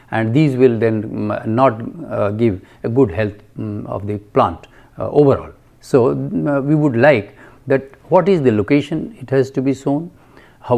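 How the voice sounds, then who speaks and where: A man giving a recorded lecture, halting with many fillers and asking and answering his own questions. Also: mid-range voice, warm tone, highs cut off.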